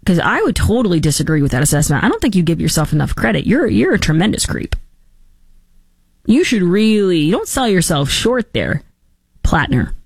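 A woman hosting a political commentary show, talking in a sarcastic, mocking and animated way. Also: fairly low pitch, normal speed, vocal fry, husky, no room sound, clean studio sound.

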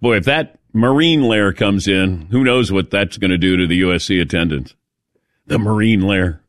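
A man's voice: low voice, normal speed, no room sound, studio quality. A middle-aged man hosting a casual sports talk radio show, chatty and storytelling, laughing at his own jokes.

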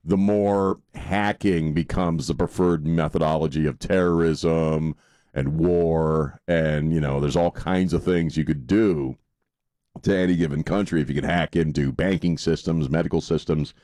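A man's voice: extremely low pitch, fairly even intonation, measured pace, warm tone, no room sound, clean studio sound. A male radio co-host telling stories in a casual, rambling way with many fillers. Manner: rambling, filler-heavy storytelling. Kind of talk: casual talk radio chat.

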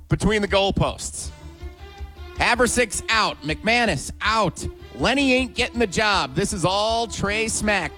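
A man co-hosting a sports talk radio show, asking rhetorical questions with an emphatic, energetic delivery. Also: high voice.

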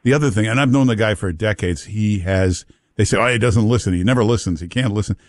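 Teasing low-voiced male radio host. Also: fast talker, dry recording, clean studio sound. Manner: chatty, teasing, repeats himself for emphasis. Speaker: radio talk show host taking calls. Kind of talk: casual call-in talk radio. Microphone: studio microphone.

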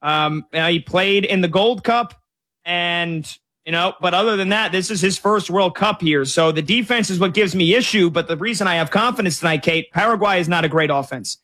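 A man co-hosting a sports talk show, casually breaking down soccer with lots of stats and quick self-corrections. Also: sits high, bright, forceful tone. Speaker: co-host sports analyst.

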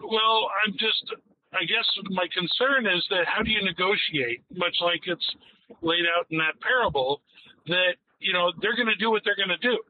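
A man's voice: high voice, moderate pace, slight background noise. Hesitant male caller on a tinny phone line. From Minneapolis area. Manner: hesitant, many restarts. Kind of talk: talk radio call-in.

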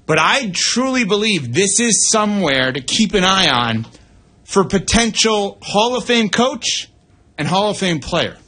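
A man hosting sports radio, reading the news and then giving brisk, opinionated analysis with asides into a studio mic. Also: high-pitched, very animated, sharp tone.

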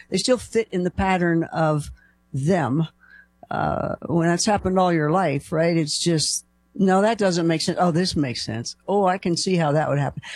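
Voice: medium pitch, no room sound. A radio host who laughs often, upbeat and encouraging toward guests and callers. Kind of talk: call-in radio hosting.

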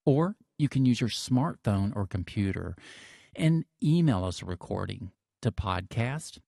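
A man hosting a podcast, reading a calm, measured scripted introduction. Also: on the low side, gravelly, no room sound, studio quality. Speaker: podcast host.

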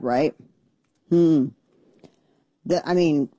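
A woman's voice: fairly low pitch, animated, moderate pace, warm tone, no echo. Blunt, combative woman radio host. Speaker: radio talk show host. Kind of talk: political talk radio monologue.

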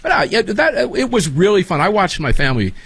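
A man hosting a casual talk show, telling animated, enthusiastic stories. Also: high-pitched, quick pace, vocal fry, slightly rough, no room sound. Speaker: show host.

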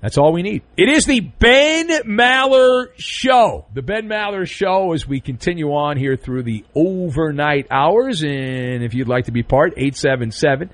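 A man's voice: a little high, normal speed, few pauses, dry recording. A man hosting an overnight sports radio show, delivering a sarcastic, theatrical monologue full of jokes into a studio microphone. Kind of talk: animated sports talk monologue.

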